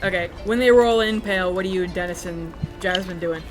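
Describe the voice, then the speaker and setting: A game master narrating a tabletop game in loose, rambling sentences. The voice sits at a medium pitch, and music plays clearly underneath. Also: a little fast. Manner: loose, filler-heavy narration.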